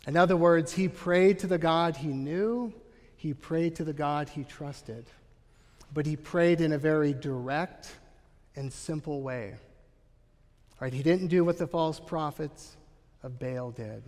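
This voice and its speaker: A man's voice: on the high side, unhurried, a little mellow, in a large hall. A man preaching a sermon as a pastor, earnest and emphatic, often checking in with the congregation. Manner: earnest, emphatic preaching with frequent "Right?" asides.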